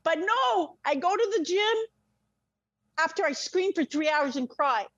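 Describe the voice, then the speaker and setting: A woman's voice: very high-pitched, expressive, measured pace, fairly bright tone, dry recording, muffled recording. A woman telling an emotional personal story as a podcast guest. She speaks intensely and frankly, swears freely, and often restarts her words.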